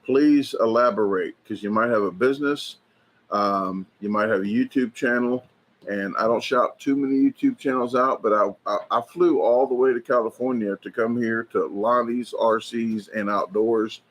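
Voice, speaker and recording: A man hosting a casual livestream, rambling and chatty as he reads viewer comments aloud, filling pauses with lots of fillers and restarts. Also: medium pitch. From United States. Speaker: livestream host. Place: indoors at a hobby shop.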